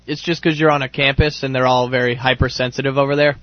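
A man's voice: medium pitch, flat delivery, fast, no echo, muffled recording. A man on a casual podcast, laid-back, laughing as he tells a story. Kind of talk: casual chat.

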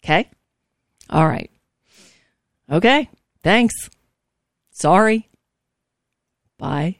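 A woman's voice: medium pitch, expressive, extremely slow, no echo. Woman radio host, frazzled and outspoken, dry close mic. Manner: emphatic and outspoken, curses freely. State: frazzled, worn out. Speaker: talk show host. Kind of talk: political talk radio, casual and heated.

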